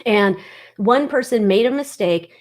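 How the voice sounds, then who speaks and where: A woman's voice: mid-range voice, animated, measured pace. A woman hosting a casual livestream, chatting bluntly and reading viewer comments. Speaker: livestream host.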